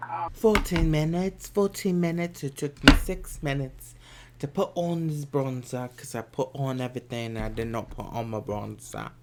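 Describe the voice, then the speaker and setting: Sassy, gravelly-voiced man doing makeup. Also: medium pitch, fairly even intonation, normal speed, heavy background noise. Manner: campy, sassy, chatty; drops to whispered asides. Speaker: makeup vlogger. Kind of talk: casual makeup tutorial chat.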